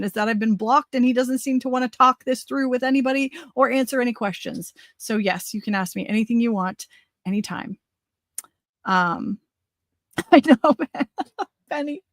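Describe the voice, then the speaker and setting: A woman in her forties hosts a political livestream talk show, talking in an energetic, rambling, conversational way while losing her voice. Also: medium pitch, no room sound. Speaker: host.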